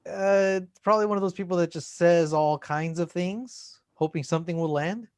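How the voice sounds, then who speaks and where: A man's voice: high voice, moderate pace, smooth, no echo. A man co-hosting a casual podcast, answering with short, wry remarks and laughing along. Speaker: podcast co-host. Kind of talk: casual chat. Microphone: remote call mic.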